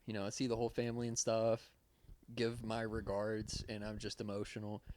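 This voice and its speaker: A man's voice: lowish voice, monotone, fairly quick, darkish tone. Laid-back guy in his twenties. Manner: laid-back, swears freely, laughs mid-story. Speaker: podcast co-host. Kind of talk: casual chat.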